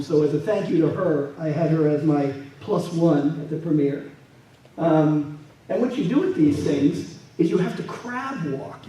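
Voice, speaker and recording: Higher-voiced man telling stories, echoey room. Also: mellow, slight background noise. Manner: storytelling, acts out quoted people. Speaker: guest speaker and military historian. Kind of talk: anecdotal presentation with slides. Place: museum event space. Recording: echoey room from a distant mic.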